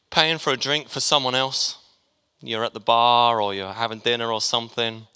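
Chatty preacher in a reverberant hall. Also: male voice, mid-range voice, normal speed, sharp tone, smooth. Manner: chatty and jokey, talks to the congregation. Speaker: pastor. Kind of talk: sermon.

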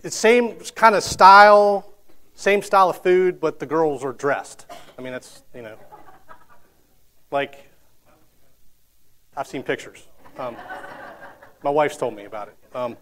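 A man's voice: fairly high pitch, slow pace, pauses often, a bit bright, low-quality recording. A man in his thirties giving a casual, conversational sermon, telling stories with frequent restarts and fillers. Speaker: preacher.

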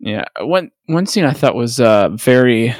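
A man co-hosting a podcast, telling stories in relaxed casual chat with many fillers. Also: medium pitch, a little slow, no room sound, clean studio sound. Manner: relaxed, storytelling, hesitant fillers. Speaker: podcast co-host.

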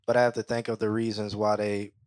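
A man co-hosting a casual music review podcast, joking and relaxed, breaking now and then into loud impressions. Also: fairly low pitch, quick pace, dry recording. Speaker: podcast co-host. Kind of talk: casual chat.

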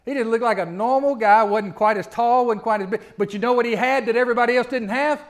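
A middle-aged male pastor preaches a conversational sermon, throwing rhetorical questions at the congregation and building to loud, emphatic peaks. His voice is very high-pitched and his pace quick.

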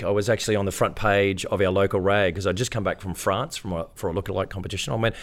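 A man's voice: deep voice, steady tone, fast talker, few pauses. A middle-aged Australian man, an interview guest, casually telling stories and acting out the voices of people he quotes. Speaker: interview guest, tribute performer.

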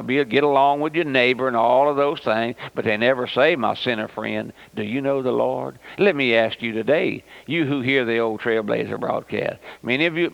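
A man's voice: mid-range voice, gravelly, a bit bright. A man, preaching a fervent radio sermon and calling his listeners my friend. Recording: dull lo-fi old radio recording.

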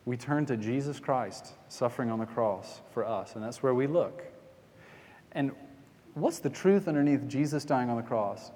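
A man gives a sermon in a relaxed, talking style and acts out scenes as he retells them. His voice sits at an ordinary middle pitch. A long hall reverb trails after his words. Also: normal speed. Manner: conversational preaching, with dramatic retellings of scenes. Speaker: pastor.

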